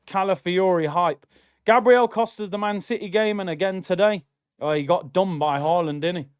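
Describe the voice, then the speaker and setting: A man's voice: sits high, normal speed, smooth, highs cut off. A young adult man hosting a live football watchalong stream, reacting to the match and reading out chat messages in an exasperated, slangy rant.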